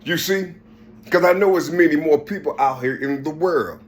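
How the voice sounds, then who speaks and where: An adult man giving a rambling spiritual monologue, preachy and repetitive, often jumping between high and low voices. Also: moderate pace. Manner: preachy, repeats "you see".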